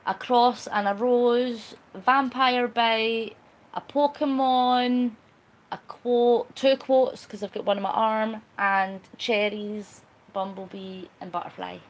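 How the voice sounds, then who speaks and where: Chatty woman, fairly high voice. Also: steady tone, takes it slowly, a little hiss or hum. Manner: chatty and cheeky, laughs often. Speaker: vlogger. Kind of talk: casual live-stream chat reading viewer comments.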